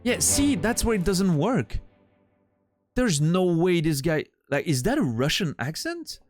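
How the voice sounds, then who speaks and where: A man's voice: high-pitched, sing-song, unhurried, dry recording, faint music behind. Man thinking aloud while gaming. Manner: thinking aloud, puzzling things out. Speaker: streamer. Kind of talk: casual gameplay commentary.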